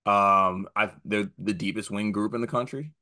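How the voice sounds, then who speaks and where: A man's voice: on the low side, fairly even intonation, normal speed, sharp tone. A man co-hosting a casual sports talk show, laid-back with joking self-mockery. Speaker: podcast co-host.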